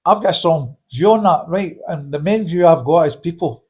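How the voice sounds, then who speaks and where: A Scottish man answering questions in a casual interview, blunt and forceful, often tagging on "right?". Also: on the high side, lively intonation, normal speed, breathy edge. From Scotland. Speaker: interviewee, campaigner.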